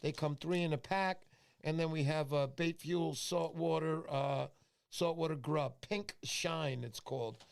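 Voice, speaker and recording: A man hosts a casual livestream, telling stories in loose rambling bursts full of fillers. His voice sits fairly high for a man. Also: fairly even intonation, unhurried, creaky. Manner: rambling storyteller with many fillers. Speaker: livestream host. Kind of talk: casual live-stream chat.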